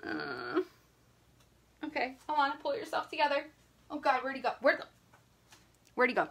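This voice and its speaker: A woman's voice: high voice, moderate pace, vocal fry, fairly bright tone. A young woman chatting through a live makeup tutorial, jittery and panicky, laughing between lines. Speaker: makeup vlogger.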